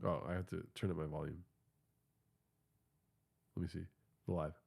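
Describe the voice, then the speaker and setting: A man's voice: sits low, flat delivery, moderate pace, gravelly, darkish tone, slightly rough. A man hosting a podcast livestream, telling stories in a casual, profane and rambling way, talking into a phone held in his hand, with a stuffy nose. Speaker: podcast host.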